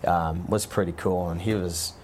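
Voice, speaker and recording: A man with a very low, deep voice tells stories in a relaxed, meandering way, often circling back and restarting his sentences. He talks like an easygoing interview guest. Faint room ambience hums underneath. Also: moderate pace, a little hiss or hum. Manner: relaxed, rambling with frequent restarts. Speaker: guest, former pro football player. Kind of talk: casual interview storytelling.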